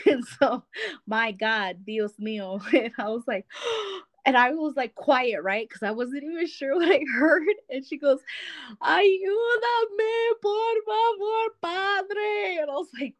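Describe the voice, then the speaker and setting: A woman's voice: high voice, animated, a little slow, dry recording. Giggly, foul-mouthed woman telling stories. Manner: profane, laughs often while telling stories. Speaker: podcast guest. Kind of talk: casual storytelling chat.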